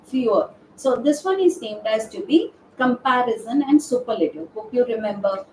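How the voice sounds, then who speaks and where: A woman's voice: on the high side, moderate pace, few pauses, darkish tone, distant mic. A woman teaching a live webinar grammar lesson, asking the class questions and answering them herself, with many "uh" fillers. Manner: hesitant, frequent "uh" fillers and restarts. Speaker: verbal aptitude trainer. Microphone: distant from the microphone. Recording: echoey room, off-mic, faint background noise.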